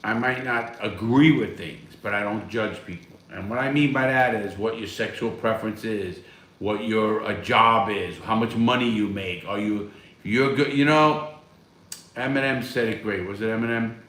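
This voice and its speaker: A man's voice: on the low side, moderate pace, a bit bright, reverberant. A man hosting a casual live stream from home, reading viewer chat and answering in a blunt, rambling way with heavy swearing. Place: at home, smoking a cigar.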